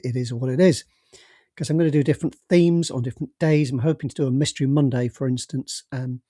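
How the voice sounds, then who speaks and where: Mellow male author reading his own story. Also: medium pitch, no room sound, clean studio sound. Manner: hesitant, with fillers and restarts in the chat. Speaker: author and narrator. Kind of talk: storybook narration and casual chat.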